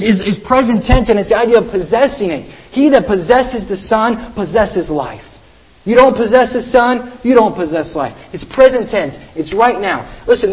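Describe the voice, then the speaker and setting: Emphatic high-voiced husky preacher man. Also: rough recording. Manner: emphatic, repetitive, with restarts. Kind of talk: sermon.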